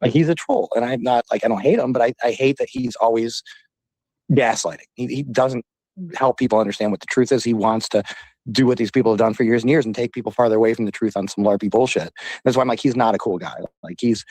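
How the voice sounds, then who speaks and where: Man, rapid talk, profane rambling rant, dry close sound. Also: medium pitch, a little mellow, dry recording. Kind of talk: casual heated chat.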